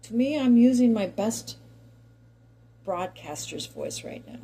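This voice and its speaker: Chatty woman with a warm, mellow voice. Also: mid-range voice, animated, slow pace, gravelly, pauses often, breathy edge, rough recording. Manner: chatty and digressive, talks directly to viewers. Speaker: commentary vlogger. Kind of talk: opinion monologue to camera.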